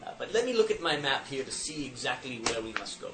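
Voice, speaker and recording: A man playing a tabletop game, speaking in character in a slow, stiff and formal way. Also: medium pitch, big pitch swings, reverberant, noisy background. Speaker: player. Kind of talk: in-character tabletop role-play.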